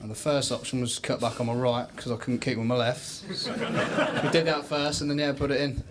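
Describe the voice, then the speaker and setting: A former footballer chatting casually as a guest in an on-stage interview, speaking plainly and laughing easily. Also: male voice, medium pitch, moderate pace, background noise.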